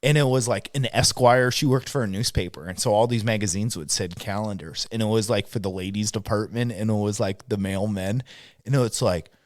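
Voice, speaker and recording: Co-hosting a podcast, a man with a fairly low voice tells loose, profane stories in casual chat, laughing along the way. He talks fairly quickly, and the studio-quality recording has no echo.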